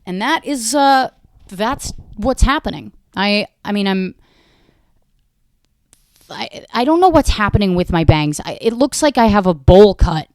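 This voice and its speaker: A woman's voice: mid-range voice, expressive, unhurried, darkish tone, dry recording. Self-mocking American woman, rambling and crude. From United States. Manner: talks to her dog mid-show. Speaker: podcast host. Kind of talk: casual solo monologue.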